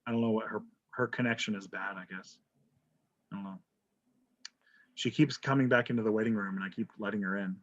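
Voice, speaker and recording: A man with a fairly low voice teaches an online history class in a relaxed way, cracking jokes and checking in with "right?". He speaks fairly quickly in a steady tone and pauses often. The audio is dull, lo-fi video call sound.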